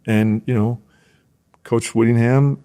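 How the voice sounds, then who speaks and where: A man's voice: medium pitch, takes it slowly, clean tone. A middle-aged man from rural Wisconsin, a former football player, telling stories in a casual podcast interview and acting out his old coaches. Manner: animated storyteller, acts out coaches' shouts in a raised voice.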